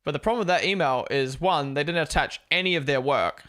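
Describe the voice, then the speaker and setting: A young man with an Australian accent softened by a Kiwi twang, chatting casually on a live stream. His voice sits a little high for a man, and he swears freely while he reacts to the race and answers his chat. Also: a little fast. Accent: Australian-New Zealand blend. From born in Australia, raised in New Zealand. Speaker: streamer hosting a race watch-along.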